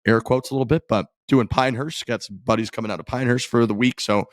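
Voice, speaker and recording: A man co-hosting a golf podcast in relaxed casual chat, wrapping up the episode. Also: mid-range voice, fast talker, no echo, clean studio sound. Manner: relaxed, wraps up the show. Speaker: podcast co-host.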